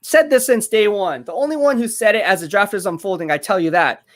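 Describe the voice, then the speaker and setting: A man hosting a live football watch-party stream, reacting to plays and chatting with viewers, excitable and repeating his points. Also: sits high, a little fast.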